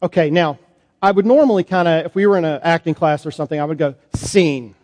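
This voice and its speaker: A man, a priest, performing a first-person Bible monologue in a sermon, conversational and halting with fillers. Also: a little high, darkish tone. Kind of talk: dramatic monologue as Peter in a sermon. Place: church sanctuary. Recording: long church reverb.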